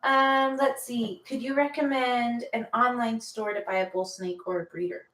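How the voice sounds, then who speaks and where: A woman's voice: a little high, steady tone, normal speed, fairly bright tone, distant mic, soft background music. A woman co-hosting a casual livestream, reading viewer questions aloud with light ums. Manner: reads comments aloud, light filler ums. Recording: echoey room.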